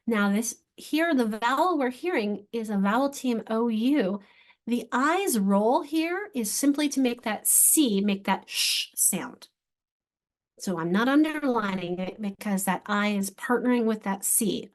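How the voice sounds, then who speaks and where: In an online teacher workshop, a woman who teaches literacy offers encouragement while slowly sounding out syllables. Her voice is a little high and expressive.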